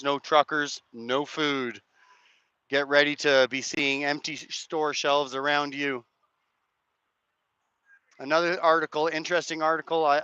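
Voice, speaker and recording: Man, hoarse live streamer, rambling and hedging, crisp bright tone, dry lo-fi sound. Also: a little high, no room sound. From Canada. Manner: rambling, hedging, chats to viewers' comments. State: hoarse, cracked voice. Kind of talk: casual live-stream commentary. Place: outdoors at a street rally.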